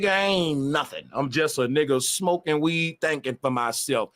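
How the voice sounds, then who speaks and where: A man's voice: a little high, normal speed, hardly any pauses, fairly bright tone. A man on a livestream, ranting emphatically with a lot of profanity and repetition. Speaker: live streamer. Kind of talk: casual livestream rant.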